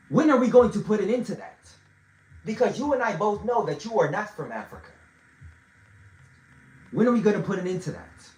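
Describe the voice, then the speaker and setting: Fiery preachy man, swings high and low. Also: a bit bright, echoey room, poor audio. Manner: emphatic, preachy, swears for emphasis; repeats and restarts phrases. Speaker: self-styled teacher. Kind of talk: impassioned lecture to camera.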